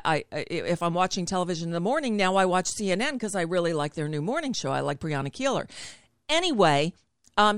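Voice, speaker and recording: A woman's voice: mid-range voice, clean tone, no echo, clean studio sound. A woman hosting a talk show over a video call, chatty and digressive, laughing as she goes. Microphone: video call setup.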